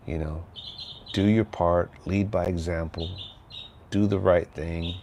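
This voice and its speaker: Deep-voiced older man chatting. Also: fairly even intonation, takes it slowly, pauses often, darkish tone, a little hiss or hum. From Texas. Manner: rambling and laid-back, often tags on "right?". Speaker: livestream host. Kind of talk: casual livestream chat.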